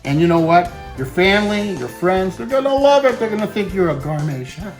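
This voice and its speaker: A man's voice: high-pitched, sing-song, a little fast, faint music behind. A man hosting a cooking show, chatting casually to the viewer as he demonstrates a recipe and drops in Italian food words.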